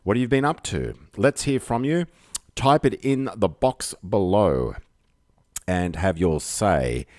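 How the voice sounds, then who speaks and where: A man's voice: fairly low pitch, animated, slow pace, a little mellow, dry recording, clean studio sound. A man with an Australian accent hosting a rambling live stream from home, talking into a desk microphone in a jokey, self-mocking way full of fillers. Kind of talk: rambling solo livestream chat.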